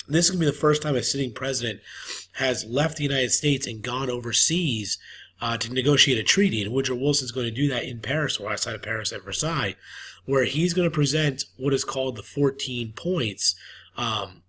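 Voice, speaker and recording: A man's voice: medium pitch, a bit bright, a little hiss or hum. A man teaching a history lesson in a casual, repetitive way with lots of fillers, coughing now and then. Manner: casual, repeats himself, many fillers. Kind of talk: recorded classroom lecture.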